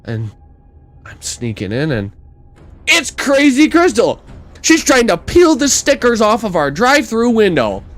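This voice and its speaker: Animated, swearing young man telling stories. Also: extremely high pitch, unhurried, soft background music. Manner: animated, swearing storyteller who acts out quotes loudly. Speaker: podcast co-host. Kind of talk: casual storytelling chat.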